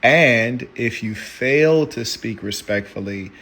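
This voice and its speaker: A man in a live debate who speaks formally and in measured, carefully worded sentences. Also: mid-range voice, fairly bright tone, husky. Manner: formal, measured, precise wording. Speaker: debate guest.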